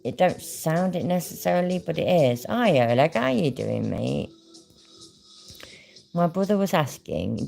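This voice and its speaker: A woman's voice: deep voice, sing-song, a little slow, vocal fry, a little mellow, soft background music. A woman hosting a livestream, chatting casually, swearing and laughing as she drinks. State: drinking while talking. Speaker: livestream host. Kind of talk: casual chat.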